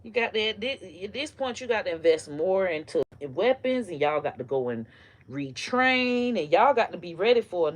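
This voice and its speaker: A woman hosting a casual comedy live stream, telling stories and ranting in a loose, profane, animated way with bursts of laughter. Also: on the low side, moderate pace. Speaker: online comedy host.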